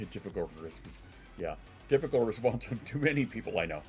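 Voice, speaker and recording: A deep-voiced man with a congested, stuffy sound chats casually on his home stream. He rambles, swears offhand and answers his viewers as he goes. Soft music plays faintly in the background. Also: animated, fairly quick.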